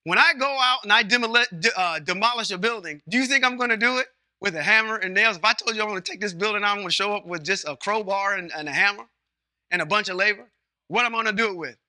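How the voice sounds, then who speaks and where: A man's voice: sits high, quick pace, bright, forceful tone, no echo, clean studio sound. A man teaching a Bible study class in a conversational way, asking the class questions, checking in with "okay?", and using folksy everyday comparisons. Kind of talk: informal scripture teaching.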